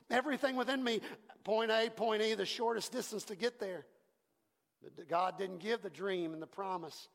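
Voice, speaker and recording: Male pastor preaching in a reverberant sanctuary with a raised, gravelly voice and a passionate delivery that drops to a hush and climbs to shouts. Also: fairly high pitch. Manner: impassioned preaching, swinging from hushed to shouted. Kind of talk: sermon. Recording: long reverb from a large hall.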